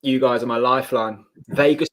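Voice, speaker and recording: A man hosts a fan football stream, reading out viewer messages. His voice sits at an ordinary middle pitch. He keeps up light, chatty banter. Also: steady tone, a little fast. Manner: chatty, reads out super chats with banter. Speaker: host of a fan watchalong stream.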